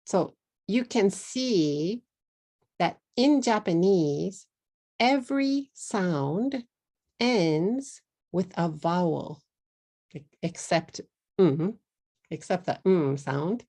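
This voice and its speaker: A Texan woman gives an English pronunciation lesson at a very unhurried pace. Her voice sits a bit low and has a gravelly edge. She repeats each word with care and mixes in simple Japanese words. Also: lively intonation, mellow. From Texas. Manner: drills words slowly and repeats them clearly. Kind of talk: slow, deliberate pronunciation lesson.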